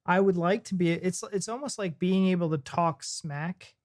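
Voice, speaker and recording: Lowish-voiced American woman hosting a reaction. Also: normal speed, darkish tone. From United States. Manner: bubbly, laughing, chatty. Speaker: reaction channel host. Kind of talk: casual reaction chat.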